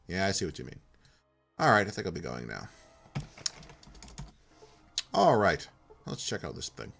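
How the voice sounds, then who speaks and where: Low-voiced man narrating a playthrough. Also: moderate pace, creaky, pauses often, soft background music. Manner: relaxed, rambling, reads on-screen text aloud. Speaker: game streamer. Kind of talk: casual gameplay commentary.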